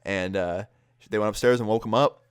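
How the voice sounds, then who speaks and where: Low-voiced young man telling a story. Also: moderate pace, smooth, no room sound, studio quality. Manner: laid-back, swears freely, laughs mid-sentence. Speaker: YouTuber. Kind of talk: casual storytelling vlog.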